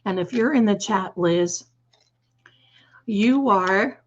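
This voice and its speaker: Slightly hoarse woman hosting a stream, slow and chatty, kinda dull lo-fi sound. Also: mid-range voice. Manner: chatty, fond, calls viewers "my darlings". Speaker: livestream host. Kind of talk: casual livestream chat.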